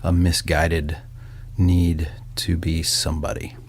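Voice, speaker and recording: A man, a songwriter and author, talking casually and thoughtfully, with pauses and easy laughter. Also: rumbling low, little pitch movement, husky. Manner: reflective, hesitant, laughs easily. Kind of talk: casual conversation.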